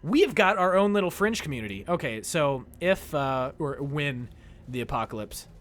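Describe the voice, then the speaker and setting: A man's voice: fairly high pitch, moderate pace. A young man from the United States chatting casually with his viewers while he plays a game, joking and squealing with delight when things go his way. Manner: excitable, jokey, squeals when pleased. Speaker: game streamer. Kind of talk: casual live-stream chat while gaming.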